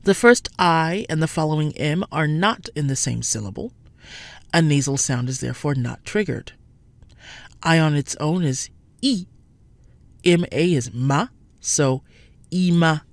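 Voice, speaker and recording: A woman narrating a scripted French pronunciation lesson, speaking clearly and slowing down to model each sound. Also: low voice, expressive, dry recording.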